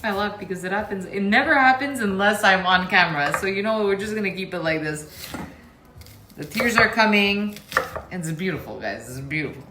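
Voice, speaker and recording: A woman with a mid-range voice speaks at a normal speed against a noisy background while hosting a casual cooking show from her kitchen stove. She addresses viewers directly with frank asides, and a sizzling, frying pan, stirring and clicks are clearly heard.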